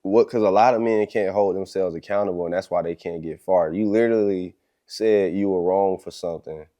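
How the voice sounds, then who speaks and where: Deep, mellow-voiced podcast host. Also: male voice, fairly quick. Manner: affirming, blunt, slang-heavy. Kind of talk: casual podcast chat.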